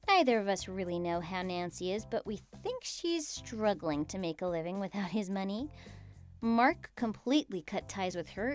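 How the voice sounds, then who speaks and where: A woman giving scripted narration of her story in a brisk, matter-of-fact way. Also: medium pitch.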